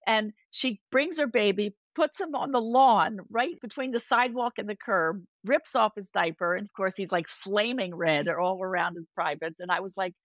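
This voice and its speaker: An older woman, a podcast guest, telling stories in casual chat, animated and lively, acting out quoted voices. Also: normal speed, hardly any pauses, dry recording. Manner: animated, acts out quoted voices with big pitch jumps.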